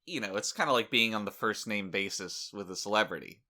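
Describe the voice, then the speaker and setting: Deadpan joking man with bright voice. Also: lowish voice, a little fast. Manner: deadpan joking, playful bits. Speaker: podcast co-host. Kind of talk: casual comedic chat.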